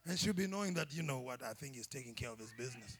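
A man preaching a sermon as pastor, animated and humorous, often shouting and laughing. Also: mid-range voice, rapid-fire, slightly rough. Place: church.

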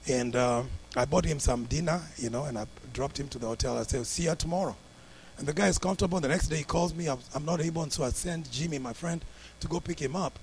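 High-voiced pastor telling an animated story. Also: male voice. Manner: animated, acts out the people in his story with big swings in pitch and loudness. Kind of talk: storytelling sermon.

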